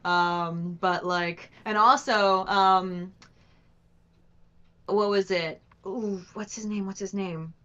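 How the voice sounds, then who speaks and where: A woman's voice: mid-range voice, steady tone, takes it slowly, sharp tone, clean tone, highs cut off. A woman co-hosting a live stream, chatting casually, reading viewer questions and trailing off as she searches for words.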